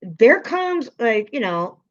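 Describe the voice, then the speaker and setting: A woman's voice: a little high, big pitch swings, takes it slowly, muffled recording. A woman live streamer, upset and swearing as she vents to her chat and greets viewers by name.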